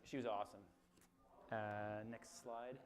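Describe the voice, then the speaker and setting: A man's voice: level tone, a little slow. Chatty, laughing man. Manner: chatty, laughs often, with fillers and restarts; gets loud and high when acting out the story. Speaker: presenter at a club slide talk. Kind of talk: casual storytelling talk.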